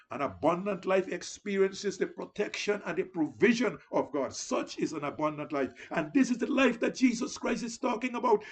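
Husky, lively-pitched male preacher. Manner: earnest, exhorting, repeats "beloved". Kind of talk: sermon.

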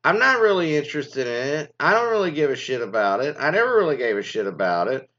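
A man's voice: fairly high pitch, very animated, fast, a bit bright, muffled recording. A man ranting casually in a commentary show, profane and rambling, telling exasperated stories. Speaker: commentary host.

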